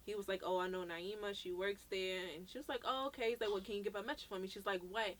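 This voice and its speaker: Fast-talking and medium-pitched, this woman from Brooklyn co-hosts a podcast, with a little hiss or hum on the recording. She tells a story in relaxed conversation, animated as she acts out what people said, with plenty of free swearing.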